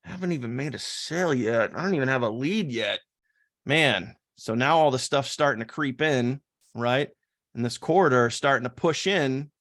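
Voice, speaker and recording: A man's voice: medium pitch, dry recording, studio quality. A man teaching online business in a casual, slangy style, acting out his students' worries and doubts. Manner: animated, slangy, acts out students' inner doubts.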